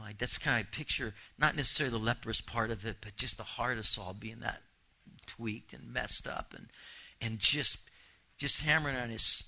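Male pastor, bright forceful voice, animated sermon delivery with restarts and repeats. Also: mid-range voice, low-quality recording. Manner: animated, repeats words when thinking aloud. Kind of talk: expository sermon.

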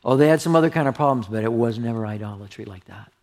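A man's voice: mid-range voice, fast talker, vocal fry. A man pastor teaching through a Bible passage in an earnest sermon, reading scripture aloud and commenting on it conversationally. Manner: earnest, drops to a hushed whisper for tender asides.

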